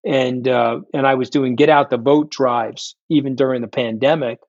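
A man's voice: medium pitch, steady tone, moderate pace, no room sound, muffled recording. A middle-aged man, a guest in a candid interview, telling his story in a blunt, profane, combative way. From New York. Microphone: remote call.

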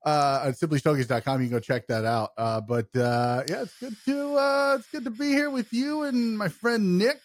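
A man co-hosting a casual podcast who talks in halting bursts, full of filler words and casual swearing. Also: high voice, dry recording, studio quality. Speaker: podcast co-host and cigar reviewer.

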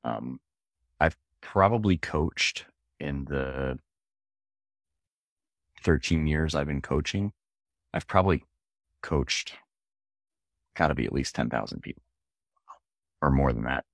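Very deep-voiced earnest fitness coach. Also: male voice, animated, takes it slowly, creaky, pauses often, no echo, clean studio sound. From Philadelphia. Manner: earnest, easygoing. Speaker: CrossFit coach and gym owner. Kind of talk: casual interview chat.

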